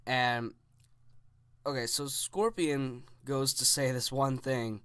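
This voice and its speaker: A man's voice: mid-range voice, steady tone, slow, a bit bright, clear, resonant tone, no room sound. A young man in his teens casually telling a story, rambling with lots of "like" and restarts.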